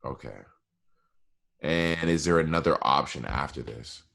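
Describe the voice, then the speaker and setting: A man's voice: very deep voice, a little slow, vocal fry, fairly bright tone, dry recording, clean studio sound. A man co-hosting a podcast in casual chat, often cutting in with questions and slangy talk. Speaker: podcast co-host.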